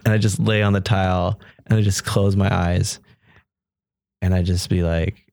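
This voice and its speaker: A man's voice: low voice, moderate pace. A man as a podcast guest, telling a personal story in casual talk and acting out the voices of people he quotes. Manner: animated, acts out quoted dialogue.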